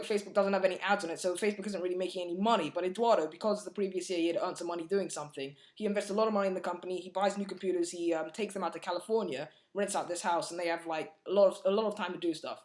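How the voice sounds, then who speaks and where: Fast-talking man rambling through a review. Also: high-pitched. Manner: fast, rambling, full of fillers and restarts; blunt, chatty. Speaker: movie reviewer. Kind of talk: casual spoken film review.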